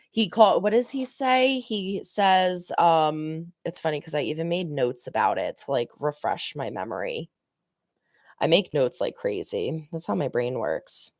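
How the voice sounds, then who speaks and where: A woman's voice: sits low, animated, a little slow, dry recording, clean studio sound. A woman hosting a reaction channel, giving a chatty, rambling recap that corrects itself as she goes. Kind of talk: casual recap of a TV episode.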